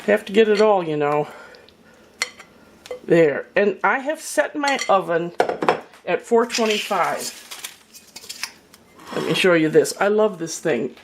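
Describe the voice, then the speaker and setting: A woman's voice: medium pitch, lively intonation, slow pace, pauses often, background noise. An older woman giving a chatty, folksy cooking demonstration in her home kitchen, with storytelling asides. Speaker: home cook.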